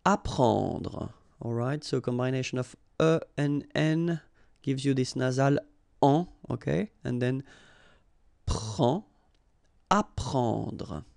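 A man's voice: mid-range voice, a little slow, vocal fry, dark tone, clear, resonant tone, no room sound, studio quality. A man with a French accent, a native French speaker, teaching vocabulary and patiently drilling pronunciation, checking in with the learner after each word.

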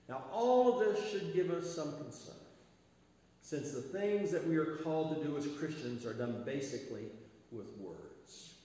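A male pastor delivering a sermon with rhythmic repetition and phrase ends that trail off quietly. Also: on the high side, expressive, a little slow. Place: church sanctuary. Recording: echoey church sanctuary with long reverb.

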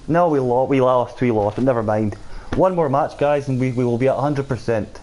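A man's voice: medium pitch, brisk, dark tone, slight background noise. A man streaming a shooter game live, chatting casually with viewers and reading out their comments while he plays. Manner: chatty, reads and answers viewer chat while playing. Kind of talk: casual live-stream chat over gameplay.

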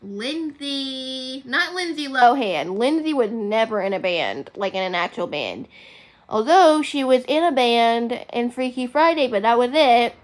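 A woman's voice: a little high, expressive, a little slow. A young woman chatting casually on her livestream, rambling and correcting herself as she goes. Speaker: livestream host.

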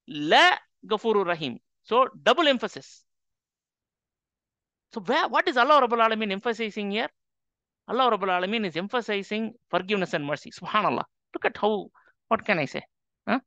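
An Islamic teacher leads a Quran class for an audience, speaking emphatically and asking many rhetorical questions. His voice sits high with a sharp tone and no room sound, captured on a slightly dull lo-fi recording.

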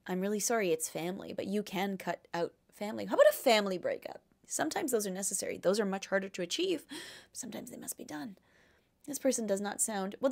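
A young woman hosting a podcast, reading out listener questions and giving casual, jokey advice full of fillers and asides. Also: medium pitch.

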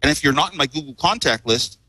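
A man's voice: on the high side, animated, fast talker, sharp tone, no room sound, rough recording. A man, a guest on a talk show, telling stories casually in a rambling way, chuckling and repeating words as he goes. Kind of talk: casual storytelling.

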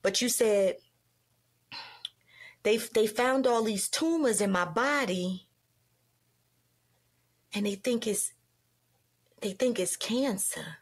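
Middle-aged woman host, lively storyteller, jumps high when quoting others. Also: slow pace, pauses often. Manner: animated, acts out quoted dialogue with big pitch jumps. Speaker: podcast host. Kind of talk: casual storytelling conversation.

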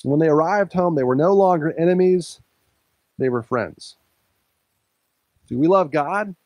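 A man's voice: on the high side, measured pace, a little mellow, no room sound, low-quality recording. A male pastor preaching a sermon in a conversational way, laughing lightly now and then.

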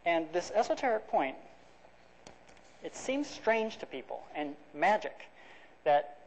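In a lecture hall, a man gives a conversational academic lecture, explaining step by step with frequent restarts and fillers. He has a high voice with big pitch swings, speaks slowly and pauses often, and the lo-fi recording sounds dull.

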